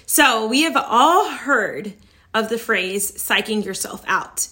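A young woman giving a chatty motivational talk as an online business coach, acting out anxious and excited inner voices. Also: a little high, takes it slowly.

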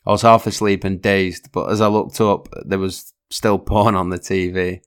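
A man's voice: low voice, level tone, moderate pace. A young man telling a personal story, blunt and sweary, chuckling now and then as he goes. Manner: blunt, swears freely, chuckles mid-sentence. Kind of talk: storytelling monologue.

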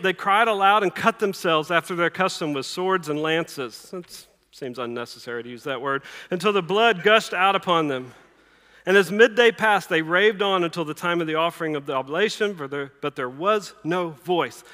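A man preaching a sermon, emphatic and swinging between loud and hushed, with a playful sarcastic streak. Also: high-pitched. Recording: reverberant hall.

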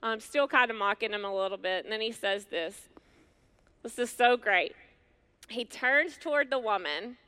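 A middle-aged woman preaching a sermon to women, earnest and conversational, with slow, emphatic pauses. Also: on the high side, pushed and bright, smooth. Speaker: women's ministry speaker.

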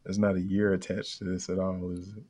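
A man's voice: low voice, completely flat delivery, brisk, mellow. A man in his thirties playing along as a quiz contestant, chatty and eager. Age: 30s. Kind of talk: casual podcast banter.

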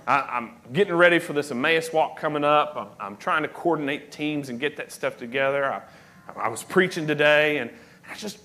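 A man's voice: fairly high pitch, fairly bright tone. A man in his thirties, an associate pastor, preaching a sermon in a church, moving from casual, self-deprecating stories to emphatic preaching. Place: church sanctuary.

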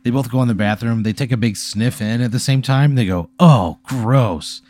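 A man hosting and narrating an improvised comic scenario in a deadpan, laid-back way. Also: medium pitch, fast talker. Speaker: host running an improvised hypothetical. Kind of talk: improvised comedic storytelling.

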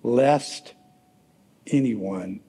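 A man's voice: mid-range voice, drawn-out words, warm tone, big-room sound, slight background noise. A man preaching a conversational sermon in a church, rambling a little and asking the congregation questions. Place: church sanctuary.

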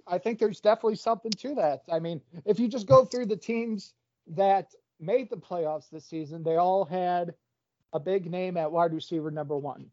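A man's voice: high-pitched, a little mellow, no room sound. Rambling man on a dull dry call line. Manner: rambling, restarts phrases. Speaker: podcast guest. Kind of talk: casual sports chat.

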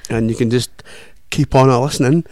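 A man's voice: mid-range voice, fairly even intonation, brisk, a little mellow, no echo, studio quality. A man with a Scottish accent co-hosting a casual music show, chatty and teasing. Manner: chatty, teasing, restarts a lot. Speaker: co-host. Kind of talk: casual radio chat.

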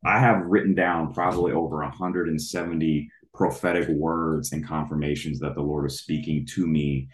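A man in his thirties, a traveling evangelist, telling his faith story in an animated way and acting out his own reactions. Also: a bass voice, moderate pace, few pauses, reverberant. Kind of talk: testimony storytelling.

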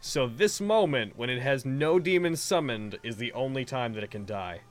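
A man narrating as game master, giving rulings in a calm, matter-of-fact way with filler ums. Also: medium pitch, normal speed.

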